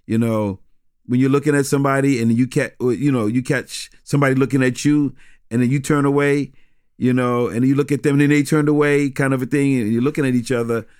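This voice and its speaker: A middle-aged man telling stories from his years in street ministry, animated, with many restarts. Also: medium pitch, no room sound, studio quality. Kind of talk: conversational storytelling.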